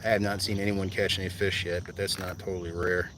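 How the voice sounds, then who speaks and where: Man from New Jersey, low-pitched, easygoing fishing streamer on a kayak; outdoor insect noise in the background. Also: level tone, fast talker, recorded from a distance. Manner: laid-back, rambling, talks to viewers while fishing. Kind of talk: casual live-stream chat.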